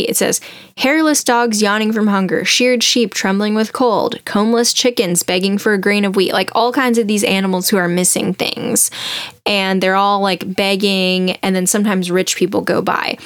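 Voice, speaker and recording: A woman in casual chat, retelling a story with lively voices for each character. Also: mid-range voice, normal speed, clean tone, no room sound, studio quality.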